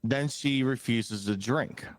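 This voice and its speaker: A man's voice: medium pitch, slow pace, no echo. A man co-hosting a podcast, talking casually and emphatically, swearing and retelling scenes. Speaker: podcast co-host. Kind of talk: casual recap chat.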